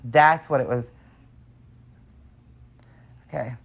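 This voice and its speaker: A young adult woman with a low voice tells a story to her podcast co-host in casual chat. She acts out what other people said, jumping her voice high for quotes. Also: takes it slowly, creaky, breathy edge. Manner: animated storyteller, acts out quotes with big pitch jumps.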